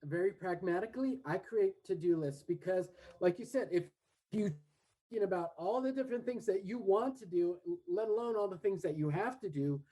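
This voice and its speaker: A man's voice: high voice, brisk, mellow, rough recording. A man, a podcast guest who talks cheerfully and laughs often. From Southern California. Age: late 40s. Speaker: guest, English teacher. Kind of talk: casual podcast interview.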